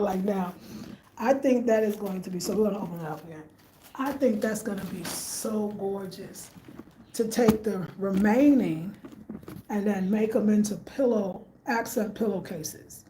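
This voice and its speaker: A woman talks through her living room design in a loose, chatty vlog, thinking aloud and circling back over her ideas. Her voice is mellow and dark. The room is echoey, with a faint hum behind her. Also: medium pitch, a little slow. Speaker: home design vlogger. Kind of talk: casual home-tour vlog. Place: living room at home, indoors.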